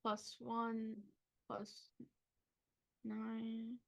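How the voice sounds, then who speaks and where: A woman playing a tabletop role-playing game, describing her character's actions and tossing in quick, chatty asides. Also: fairly high pitch, completely flat delivery, creaky, fairly bright tone. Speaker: player. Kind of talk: casual tabletop game play.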